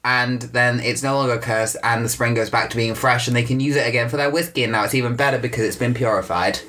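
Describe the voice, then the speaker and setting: A man's voice: medium pitch, fairly even intonation, fast, sharp tone. Playful man riffing on silly tangents. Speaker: podcast co-host. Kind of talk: casual chat.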